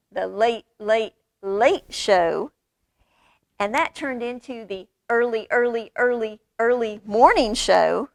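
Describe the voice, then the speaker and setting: A woman reading a children's picture book aloud at a library storytime, lively and expressive with character voices. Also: a little high, no room sound. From United States.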